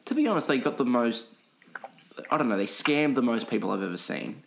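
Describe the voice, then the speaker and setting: A man's voice: mid-range voice, big pitch swings, brisk, vocal fry. Swearing Australian young man telling a story. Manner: profane storytelling with mimicked voices. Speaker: podcast co-host. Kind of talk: casual chat.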